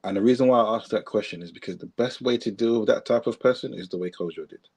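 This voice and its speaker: A man's voice: on the low side, fast, a little mellow, slightly rough. A man co-hosting a podcast, commenting in a casual, reflective way with emphatic repeated phrases. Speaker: podcast co-host.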